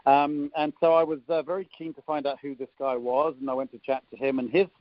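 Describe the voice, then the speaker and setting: A man in his fifties with an English accent hosts a team conference call, rambling and teasing with plenty of ums and uhs in a casual, jokey introduction. His voice sits a bit high for a man, with little pitch movement and a brisk pace. The sound is muffled and dry, like a phone line.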